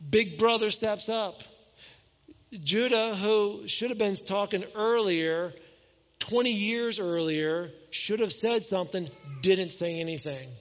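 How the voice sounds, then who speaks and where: High-voiced preacher in an echoing hall. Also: male voice, lo-fi sound. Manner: animated storytelling, reading scripture aloud and voicing the characters. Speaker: pastor. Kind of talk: sermon.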